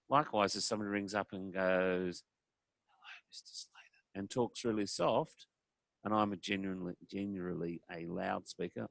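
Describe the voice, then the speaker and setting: A man's voice: deep voice, creaky, a bit bright, no room sound. A man giving a conversational talk on communication, acting out sample phone calls to show his points. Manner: conversational, demonstrates voices while explaining. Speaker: speaker on communication. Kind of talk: presentation talk.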